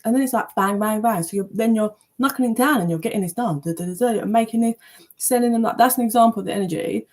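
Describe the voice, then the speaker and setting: A woman giving a casual, chatty tarot reading, animated, with loose language and playful asides. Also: on the high side, fast talker. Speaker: tarot reader.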